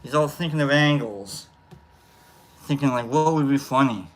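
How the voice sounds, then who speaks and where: A man hosting a casual chat show, talking in a rambling, halting way full of fillers and restarts. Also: mid-range voice. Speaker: host. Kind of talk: casual chat while smoking.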